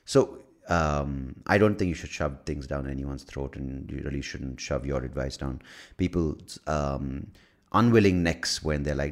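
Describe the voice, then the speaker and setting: A man's voice: rumbling low, normal speed. An American man hosting a podcast, talking in a rambling, profane, self-mocking casual monologue. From United States. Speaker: podcast host.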